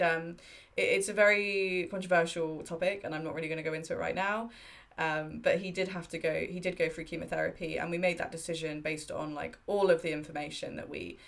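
A woman's voice: deep voice, gravelly. A woman in her thirties telling personal stories in a candid, heartfelt way during a casual chat. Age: 30s.

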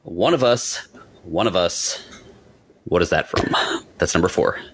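Low-voiced man in casual podcast chat. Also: lively intonation, unhurried, slightly rough. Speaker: podcast co-host.

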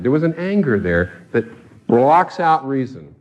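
A man's voice: mid-range voice, very animated, unhurried, lo-fi sound. A man preaching a sermon with passion, pressing his listeners with pointed rhetorical questions. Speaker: pastor.

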